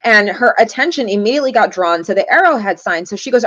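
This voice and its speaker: A woman speaks as a guest in an interview, telling her stories at a mid pitch. She brings the people in them to life by doing their voices. The audio is muffled and lo-fi, like a video call. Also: fast talker, hardly any pauses, no echo. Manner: lively, acts out quoted voices. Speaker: guest, shaman and tarot reader. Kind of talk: interview storytelling. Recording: dull lo-fi audio.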